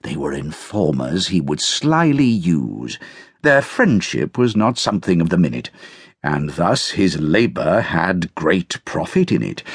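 A man with a British accent reading a verse tale aloud in a measured, theatrical way, with a husky voice. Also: dry recording, studio quality. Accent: British English. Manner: measured, theatrical reading with lively swings of pitch. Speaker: audiobook narrator. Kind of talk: scripted narration of a verse tale.

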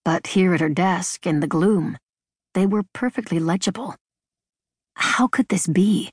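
Woman reading an audiobook, lowish voice, calm steady storytelling, dry booth. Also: measured pace, slightly rough, no echo. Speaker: audiobook narrator. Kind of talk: scripted narration.

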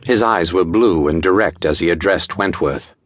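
A man narrating an audiobook in a measured, dramatic storytelling style, recorded close to a studio mic. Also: deep voice, fairly bright tone, no echo. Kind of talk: scripted narration.

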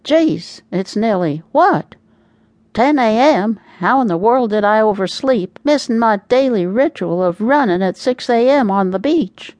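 A woman voicing a frazzled, wisecracking grown man who talks in an excitable, quick-witted way in an audiobook. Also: a little high, no room sound.

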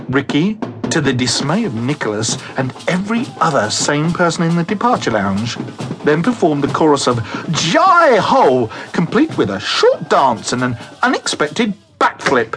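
Slow, lively male audiobook narrator. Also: on the high side. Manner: lively, measured storytelling. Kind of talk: scripted comic audiobook narration.

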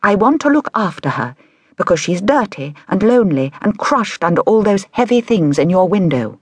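A woman's voice: medium pitch, very animated, normal speed, husky, no room sound, voice pushed up. A woman voicing a shy but determined little girl in a storybook, speaking timidly yet boldly.

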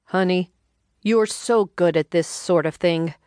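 A woman's voice: lowish voice, a little slow, darkish tone, smooth, no room sound, natural voice. A woman voicing a grumbling, folksy older husband who talks in a dry, laconic drawl.

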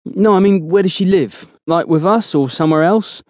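A man's voice: high-pitched, moderate pace, a little mellow, no echo, pitched above the performer's own voice, lightly acted. Man doing a cheeky, pestering young soldier. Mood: insistent. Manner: persistent, playfully mocking.

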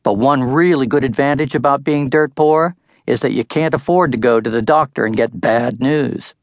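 A wry older man, the book's own author, narrates his audiobook in a storytelling first-person style. His voice is medium-pitched at a normal speed, recorded clean in a studio with no room sound.

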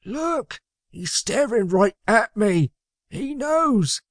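Man putting on a squeaky, high-pitched whiny sidekick, panicky, storybook audiobook, dry sound. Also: sing-song, unhurried, no room sound. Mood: whining. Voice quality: high, whining. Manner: panicky, complaining. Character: whiny nervous small henchman man.

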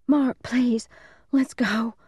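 A timid little boy pleads in a high, shaky whisper, as a woman narrator puts him on. His voice is lifted well above her own and stays warm and mellow. The dry, close sound keeps every anxious breath near. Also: animated, fairly quick, breathy edge, no room sound. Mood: frightened pleading. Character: scared little boy, younger brother, timid.

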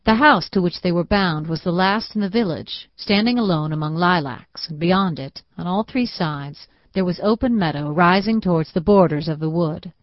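A woman narrating a classic novel in a measured, even reading. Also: lowish voice, dry recording. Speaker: audiobook narrator. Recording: dull, dry studio recording.

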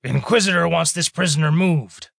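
A man's voice: on the high side, normal speed, vocal fry, fairly bright tone, dry recording, clean studio sound, pitched above the performer's own voice, full character voice. A man reading a growling wolfish alien rogue. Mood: blustering. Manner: growling, streetwise bluster. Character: gruff male wolfish alien smuggler.

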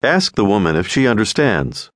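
Measured male language-course narrator. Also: fairly low pitch, sing-song, a bit bright, dry recording, clean studio sound. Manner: clear, measured instructional delivery. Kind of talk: scripted audio lesson instruction.

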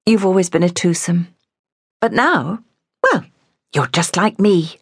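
Teasing worldly young woman, read by a lady narrator, breezy, slightly lifted low voice. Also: big pitch swings, a little slow, breathy edge, no room sound, clean studio sound, exaggerated voice. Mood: bright.

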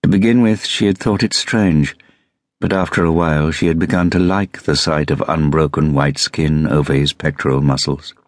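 A man reading a thriller audiobook as narrator, measured and steady. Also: very deep voice, no echo, studio quality. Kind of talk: scripted narration.

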